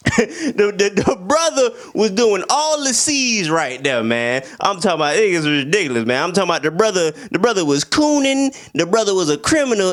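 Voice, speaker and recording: A man giving a casual, slangy film review, acting out the scenes as he retells them. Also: mid-range voice. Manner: animated, slangy, acts out scenes in voices.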